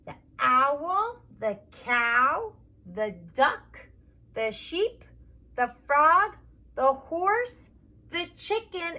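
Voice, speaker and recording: A woman's voice: high voice, sing-song, drawn-out words, sharp tone. A woman speech therapist narrating toy play for toddlers, with simple repeated words and an exaggerated sing-song delivery.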